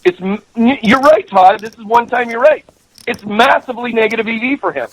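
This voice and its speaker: A man's voice: extremely high pitch, fairly quick, fairly bright tone, low-quality recording. A middle-aged man calling in as a professional gambler, telling a heated story with lots of swearing and repeated words. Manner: profane, emphatic, repeats himself. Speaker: guest caller, professional gambler. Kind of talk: heated storytelling on a call-in show.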